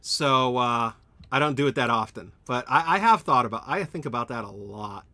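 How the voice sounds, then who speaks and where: A man's voice: mid-range voice, lively intonation, moderate pace, pushed and bright, no echo. A man thinking aloud while streaming a game at home, answering chat and often correcting himself. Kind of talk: live gameplay commentary, answering chat.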